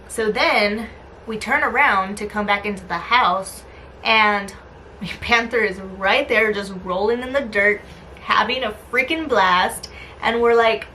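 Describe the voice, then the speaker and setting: A young adult woman telling a story in a casual vlog, chatty and animated, with lots of "like" and "um". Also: mid-range voice, measured pace, a little hiss or hum, rough recording. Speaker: lifestyle vlogger.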